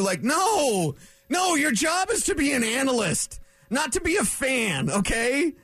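A man hosting a solo sports radio show, ranting bluntly and mocking other reporters in quick put-on voices. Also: extremely high pitch, breathy edge, no echo. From rural area. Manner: blunt, animated, mocking impressions. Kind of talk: solo sports talk rant.

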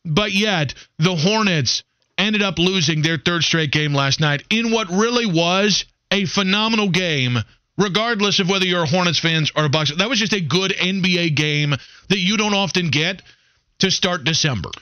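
A man hosting a sports talk radio show, opening the segment briskly with the odd filler. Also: high voice, bright, forceful tone, smooth, dry recording, highs cut off.

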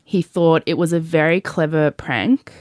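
A woman's voice: low voice, measured pace, a little mellow, dry recording, clean studio sound. A woman hosting a podcast, telling a personal story in chatty talk full of "like" and the odd swear word. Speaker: podcast host. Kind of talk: personal storytelling in casual chat.

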